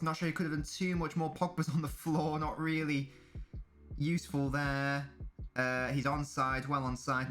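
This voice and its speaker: A man's voice: medium pitch, bright, forceful tone. Man commentating a match live. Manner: casual banter with chat, swearing. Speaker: streamer.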